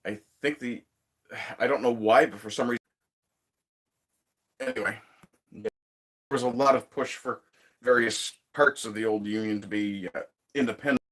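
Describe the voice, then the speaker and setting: A man's voice: medium pitch, fairly even intonation, normal speed, pauses often, fairly bright tone. A man hosting a casual livestream from his woodshed, reading viewer chat in a laid-back, profane way with frequent chuckles.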